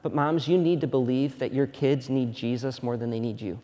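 A man in his thirties preaching a sermon as a pastor, moving between loud emphatic preaching and quiet, hushed storytelling. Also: mid-range voice, fairly even intonation, moderate pace, big-room sound. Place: church sanctuary.

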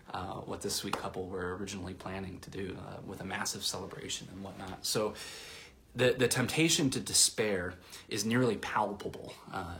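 A man with a lowish voice preaches a sermon in a loose, conversational way. He fills his sentences with little hesitations and restarts, and his voice sometimes sinks to a soft near-whisper. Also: a little hiss or hum. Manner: conversational, with many fillers and restarts. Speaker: pastor.

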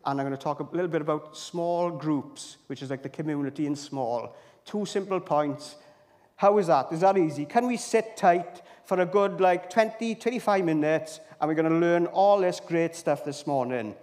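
A man's voice: fairly high pitch, moderate pace, a little mellow, in a large hall. A man giving a conversational sermon to a church congregation, often turning to them with questions. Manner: chatty, keeps asking the congregation questions. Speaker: preacher. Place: church, also streamed to viewers at home.

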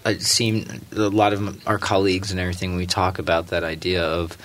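A man's voice: deep voice, flat delivery, fairly quick, fairly bright tone. Guy hosting an art podcast, chimes in a lot, eager and chatty. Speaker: podcast host. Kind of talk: casual podcast interview.

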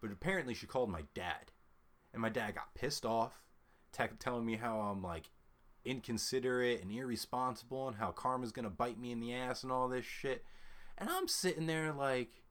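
A man's voice: mid-range voice, normal speed. A man telling a frustrating story in casual chat, cursing heavily and acting out both sides of arguments with lots of "like" and "right?". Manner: heavy cursing, animated retelling with quoted back-and-forth; frequent "like" and "right?" fillers, laughs mid-sentence.

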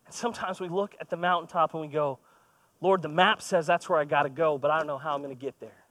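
A man in his thirties delivers a sermon as a relaxed, conversational story, poking fun at himself along the way. His voice sits fairly high for a man. The recording is close and dry, with no room echo. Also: quick pace. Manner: conversational, storytelling with self-deprecating humor. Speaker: pastor. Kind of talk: sermon with personal stories.

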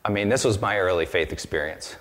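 A man's voice: fairly low pitch, brisk, fairly bright tone, in a large hall. A man preaching a sermon as pastor, earnest and conversational, often restarting his sentences.

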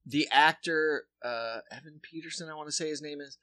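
A man's voice: on the high side, a little fast, pushed and bright, no echo. A man from South Dakota in casual podcast chat, telling stories animatedly with swearing and restarts.

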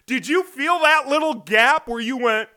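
A man hosting a solo wrestling podcast, talking animatedly with rhetorical questions and swings between loud and hushed delivery. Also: very high-pitched, a little slow, no room sound, clean studio sound. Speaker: podcast host. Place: home on the US West Coast.

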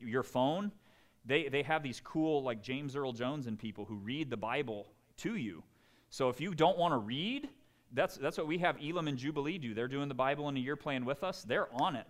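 A man preaching a sermon in an animated, conversational way, full of jokes and asides. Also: mid-range voice. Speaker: pastor.

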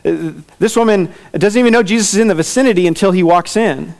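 A man preaching a sermon in a relaxed, conversational way, with casual fillers and asides. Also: high-pitched, quick pace, gravelly. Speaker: pastor.

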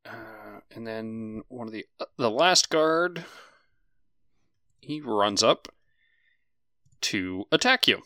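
A man running a tabletop game as game master, narrating monsters and guards in a casual, lively way and swearing freely. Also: fairly low pitch, slow pace, long pauses, dry recording, clean studio sound.

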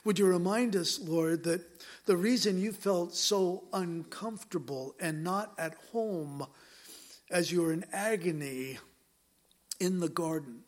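A man's voice: high voice, a little slow. Earnest male pastor preaching. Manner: earnest, pleading, repeated direct appeals. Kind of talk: sermon and closing prayer. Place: church sanctuary.

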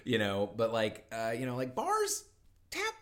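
A man's voice: mid-range voice, wildly swooping pitch, unhurried, fairly bright tone. A man co-hosting a podcast, chatting casually and rambling, laughing easily and acting out characters' lines. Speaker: podcast co-host. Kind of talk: casual chat.

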